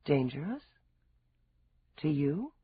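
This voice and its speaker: Man putting on a clipped, blunt woman cop, tired and curt, husky voice, muffled audiobook sound. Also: fairly high pitch, very animated, slow pace, no room sound, full character voice.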